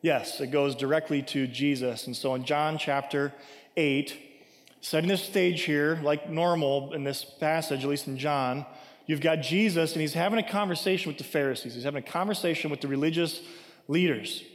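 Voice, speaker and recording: Male pastor, higher register, casual emphatic sermon delivery with lots of "right?", long hall reverb. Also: normal speed. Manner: conversational preaching with frequent "right?" asides; emphatic, acts out scripture quotes.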